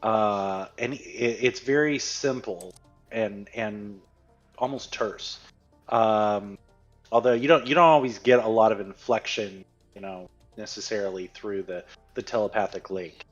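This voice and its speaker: A man's voice: lowish voice, measured pace, highs cut off, soft background music. A man narrating as game master in a tabletop game, hesitant and full of fillers.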